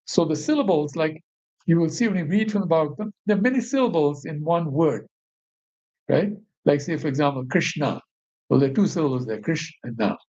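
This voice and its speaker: A man's voice: fairly high pitch, animated, a little fast, dark tone. A man leading a devotional group, reading verses aloud and explaining them line by line, often checking in with his listeners. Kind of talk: scripture reading with commentary. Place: bridal shop meeting space. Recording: dull lo-fi recording.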